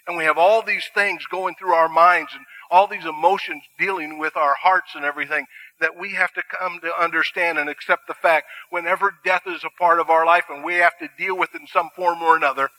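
A man's voice: a little high, steady tone, moderate pace, bright, forceful tone, rough recording. A middle-aged man preaching a sermon, earnest and conversational with dry asides. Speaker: pastor.

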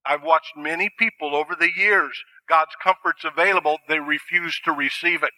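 A man's voice: on the high side, fairly even intonation, normal speed, pushed and bright, low-quality recording. A middle-aged man preaching a sermon, earnest and conversational with dry asides. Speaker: pastor.

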